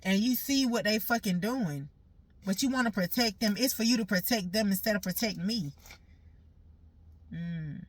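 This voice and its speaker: In an emotional personal monologue, a woman with a medium-pitched voice speaks at a normal speed, sounding hurt and aggrieved. She talks bluntly, swears a lot, and keeps repeating herself.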